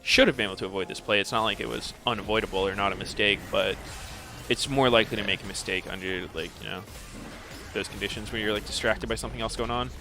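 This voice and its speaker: A man giving casual, analytical commentary on an esports match at a watch party, explaining plays in a measured way. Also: lowish voice, steady tone, over music. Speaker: stream co-caster.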